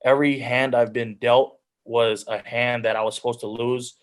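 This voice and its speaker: A man's voice: medium pitch, flat delivery, moderate pace. A man in his twenties, a pro football player, earnestly telling his life story as a guest on a video call, often quoting his own thoughts. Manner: earnest storytelling, drops into quoted self-talk.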